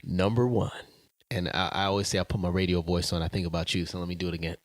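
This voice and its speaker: Low-voiced male podcast host, deliberate. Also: little pitch movement, no room sound. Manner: brief affirmations, reads statements deliberately. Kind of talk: interview questions.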